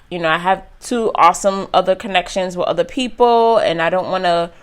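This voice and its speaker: A woman's voice: on the low side, moderate pace, smooth, lightly acted. A woman imitating a hesitant young man who is juggling several women and won't commit. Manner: hesitant, noncommittal.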